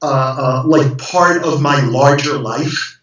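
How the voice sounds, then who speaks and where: A man's voice: medium pitch, takes it slowly, a bit bright, dull audio. A man guesting on an interview show, talking earnestly with many hesitant fillers. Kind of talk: casual interview chat. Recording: distant mic with heavy echo.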